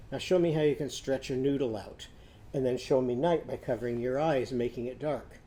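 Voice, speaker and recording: A man's voice: medium pitch, brisk, mellow. A man teaching a children's literacy lesson, patient and sing-song, often singing lines for kids to repeat.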